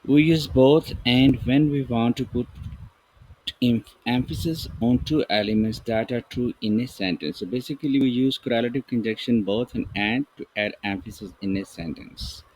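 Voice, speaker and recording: A man teaching an English grammar lesson, reading example sentences slowly and deliberately while writing with a pen. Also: mid-range voice, darkish tone, breathy edge, low-quality recording.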